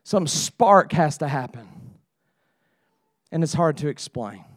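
Middle-aged male pastor, high voice, dry close sound, talky sermon delivery that builds to pleading. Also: animated, slow pace, no room sound. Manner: conversational preaching, rising to emphatic pleading.

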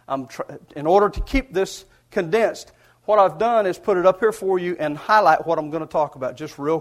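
A man preaching, telling a personal story in a folksy, earnest way with chuckles. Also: fairly high pitch. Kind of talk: storytelling sermon.

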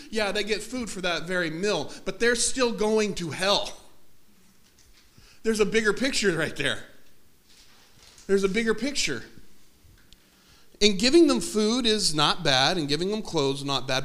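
An energetic man speaks at a campus ministry workshop, his voice high and bright. He talks with a joking, animated manner and laughs often between points. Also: normal speed, long pauses. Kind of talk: lively workshop talk.

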